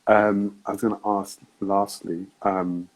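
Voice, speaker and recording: A man with a British accent interviewing a guest, asking unhurried questions and giving frequent short affirmations. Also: on the low side, level tone, rough recording. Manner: soft-spoken, many backchannels, unhurried questions. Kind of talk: interview conversation.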